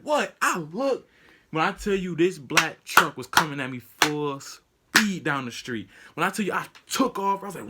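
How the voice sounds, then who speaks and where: A young man vlogger telling a story casually, acting out the people in it with sudden high outbursts. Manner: animated, acts out quotes with sudden high-pitched outbursts.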